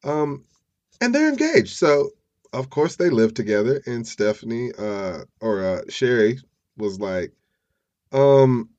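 A man's voice: medium pitch, big pitch swings, measured pace, darkish tone, dull audio. A man hosting a podcast, retelling a story casually with profane slang. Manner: profane, slangy, chuckling asides. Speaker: podcast host. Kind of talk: casual true-crime storytelling.

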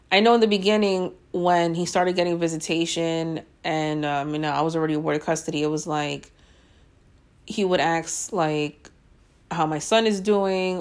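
A woman in her thirties telling her own story to her listeners in a blunt, frank way, swearing freely and using lots of fillers. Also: deep voice. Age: 30s. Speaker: podcast host.

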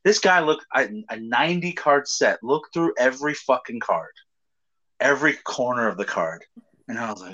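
A man's voice: mid-range voice, expressive, moderate pace, a bit bright, dull audio. A man in casual chat, telling stories animatedly, acting out quotes and swearing often.

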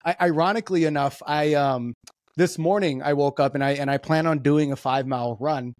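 A man's voice: on the high side, a little fast, a little mellow, no room sound. A man hosting a podcast in casual conversation, laid-back and swearing freely, with lots of fillers. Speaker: podcast host. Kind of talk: casual interview chat.

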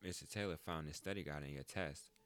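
A man voicing a stern male school official who scolds a student in a formal, measured way. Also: very deep voice, fairly bright tone, smooth, no echo, voice pushed down.

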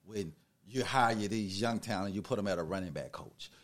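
A man's voice: fairly low pitch, normal speed. A man co-hosting a sports podcast, riffing loose, slangy opinions in casual chat. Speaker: podcast co-host.

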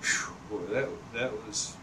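A man's voice: fairly low pitch, slow. A man in his fifties telling a long story in casual chat. He rambles, swears freely and laughs often. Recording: distant mic with noticeable background noise.

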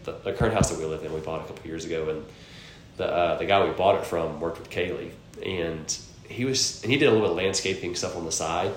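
Deep-voiced man rambling on a podcast. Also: fast talker. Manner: rambling storyteller, frequent filler words and swearing. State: congested from a cold. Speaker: podcast co-host. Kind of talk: casual podcast chat. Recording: echoey room, faint rumble.

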